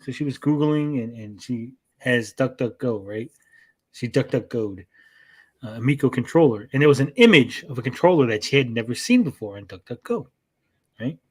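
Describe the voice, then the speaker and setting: With a fairly bright, mid-range voice, a reaction-stream host spins out a lengthy story in relaxed conversation. Quoted lines get performed in a raised voice, and "right?" caps many of his sentences.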